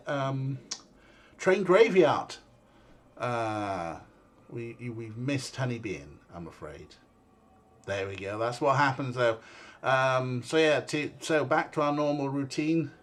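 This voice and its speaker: Chatty male streamer wrapping up. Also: medium pitch. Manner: chatty and rambling, with frequent fillers and swearing. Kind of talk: casual livestream chat.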